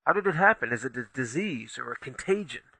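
A man plays a young shaman who leads his village, earnest and urgent with a caring edge. His storybook voice is bright and gravelly. It sounds close and dry. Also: mid-range voice, animated, brisk, no echo, full character voice.

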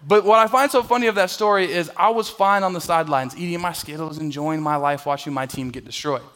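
Animated young man preaching a sermon. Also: on the high side, quick pace. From Southern California. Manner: animated storyteller, acts out voices. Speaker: pastor. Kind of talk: sermon with a personal story. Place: church.

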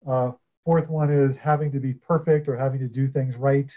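A man, a coach guesting on a podcast, explaining his ideas in a measured way with some fillers. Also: mid-range voice, fairly even intonation, narrow, tinny audio. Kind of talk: casual podcast interview.

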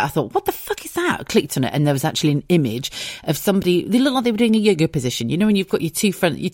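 A woman's voice: low-pitched, a little mellow, no echo, studio quality. Giggly, chatty English woman podcaster. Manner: chatty, giggly, swears freely. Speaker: podcast host. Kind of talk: casual solo podcast chat.

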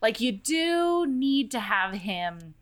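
A woman's voice: on the high side, sing-song, crowd noise. A woman in casual chat, reacting to a story with gasps and joking asides. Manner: reactive listener, gasps and quick jokey asides. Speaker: podcast co-host.

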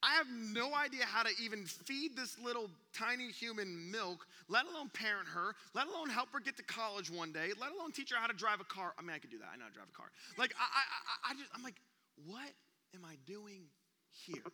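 A young man preaching, an animated storyteller who acts out gasps and sounds during a comic story, speaking in a church auditorium. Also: extremely high pitch, fast, few pauses. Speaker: youth pastor. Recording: long reverb of a church hall.

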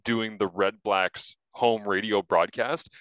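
Bright-toned man hosting sports chat. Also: lowish voice, steady tone, slow pace, clean tone, no room sound, low-quality recording. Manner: upbeat, chatty, laughs often. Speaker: podcast host and football analyst.

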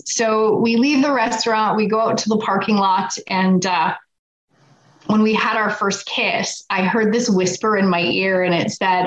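A woman guest in casual conversation, telling a long personal story with lively quoted voices. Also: mid-range voice, a little slow. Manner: animated, acts out quotes. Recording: echoey room, dull lo-fi sound.

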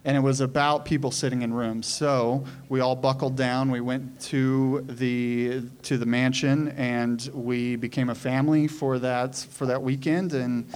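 A man, a filmmaker guest, telling in an earnest, measured way how the film was made. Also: medium pitch, little pitch movement. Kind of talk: casual chat.

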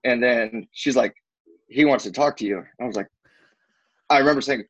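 A man's voice: mid-range voice, moderate pace, fairly bright tone, no room sound, highs cut off. A young man telling a story to friends in a casual chat, acting out the quotes and swearing freely.

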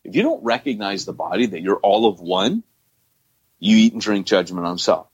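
A man's voice: lowish voice, lively intonation, moderate pace, breathy edge. A man co-hosting a podcast, reading scripture passages aloud and explaining them emphatically in a conversational teaching style. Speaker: podcast co-host.

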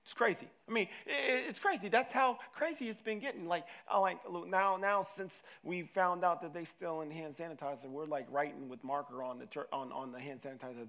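A man preaching a sermon. He tells personal stories with lively, colloquial phrasing and repeats his words for emphasis. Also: sits high, a little fast, hardly any pauses. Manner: animated storyteller with dialect and repeated words. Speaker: pastor.

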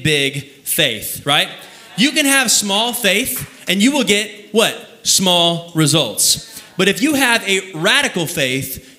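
A young man preaching a sermon as pastor of a new church, telling a personal story in a loose, conversational way and slowing right down for emphasis. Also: high-pitched, sharp tone. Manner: conversational storytelling, laughs at himself, slows down for emphasis.

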